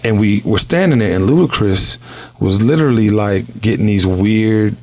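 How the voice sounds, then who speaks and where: A man hosting a talk show, telling stories in a casual, slangy, animated way. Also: on the low side, normal speed. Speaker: show host. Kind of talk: casual chat.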